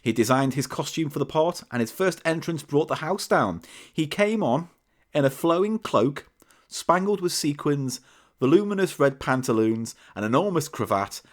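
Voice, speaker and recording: A man's voice: on the high side, normal speed. A man co-hosting a comic podcast, reading facts from a book and teasing his partner with dry asides. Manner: reads aloud from a book, teasing and deadpan asides. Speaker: podcast co-host reading a story.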